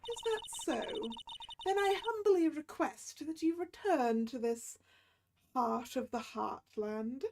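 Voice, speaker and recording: A woman reading out a stern old village matriarch in a visual-novel game, high-voiced and unhurried. She speaks each word slowly and formally, like someone used to being obeyed. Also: noisy background. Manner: slow, formal, measured.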